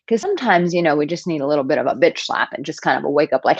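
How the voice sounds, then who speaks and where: A woman in her thirties, a dating coach, talking casually to camera with animated storytelling and playful asides. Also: low voice, very fast, few pauses, husky, no room sound, highs cut off. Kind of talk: casual advice talk to camera.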